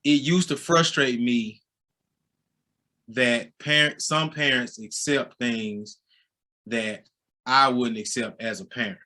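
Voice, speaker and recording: Animated Southern basketball coach in his forties. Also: mid-range voice, takes it slowly, pauses often. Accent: Southern American. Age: 40s. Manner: storytelling, gets loud and animated when excited. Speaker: high school basketball coach. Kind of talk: casual interview conversation.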